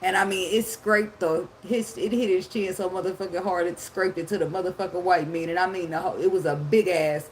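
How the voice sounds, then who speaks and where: A woman's voice: fairly low pitch, fairly even intonation, a little fast, hardly any pauses, slight background noise. Blunt, profane woman tarot reader. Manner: blunt, profane, laughs often. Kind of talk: casual unscripted monologue.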